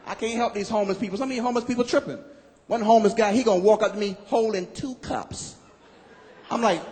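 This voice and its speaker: A man performing a stand-up comedy routine on stage, animated and loud on his punchlines, acting out other people's voices. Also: high-pitched, fast, some chatter behind, slight background noise. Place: comedy club stage with live audience. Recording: live hall recording with audience.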